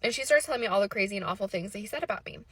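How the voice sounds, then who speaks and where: A woman recounting a personal saga to the camera in a loose storytime way. Her voice is bright and forward, and the sound is close and dry with no room around it. She talks with exasperated, animated energy and drops the odd swear word. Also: medium pitch, very fast, breathy edge, no room sound. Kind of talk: casual storytime monologue.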